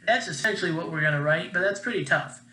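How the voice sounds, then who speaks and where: A man's voice: a little high, quick pace, bright, forceful tone, roomy sound. A man teaching a children's music lesson in a friendly, upbeat way, chanting rhythm syllables.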